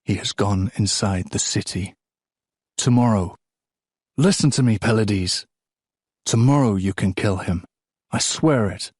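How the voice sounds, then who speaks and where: A man's voice: fairly low pitch, a little slow, pauses often, darkish tone, slightly rough, no room sound, studio quality. A man narrating an audiobook, voicing a shrewd male counsellor who speaks in a firm, pressing, persuasive way. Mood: urgent.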